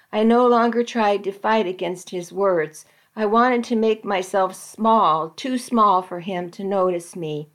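A woman volunteer reader narrating a dramatic magazine story aloud in a measured storytelling voice. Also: mid-range voice. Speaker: volunteer reader for a reading service.

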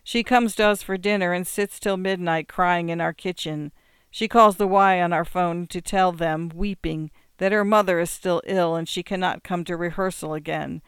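A measured, reflective narrator reading literary fiction aloud. The voice is smooth and resonant, recorded on a close studio mic with a completely dry sound. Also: mid-range voice, steady tone, a bit bright, no room sound. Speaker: audiobook narrator.

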